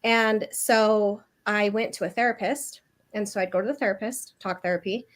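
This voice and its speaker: A woman in her thirties, a guest on a video call, speaks at middling pitch with a steady tone and moderate pace. Telling a personal story, she is loose and chatty, full of fillers and restarts, and mimics other people when quoting them.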